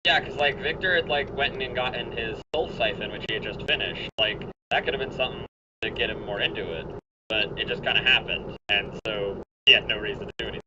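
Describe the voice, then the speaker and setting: A man's voice: mid-range voice, fast. A man in casual chat among players, agreeing and backing up the point. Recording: dull lo-fi audio with loud background noise.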